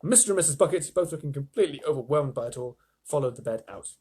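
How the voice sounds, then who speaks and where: A man's voice: on the high side, expressive, fast talker, dark tone, husky. A man reading a children's book aloud on a live stream, with chatty asides.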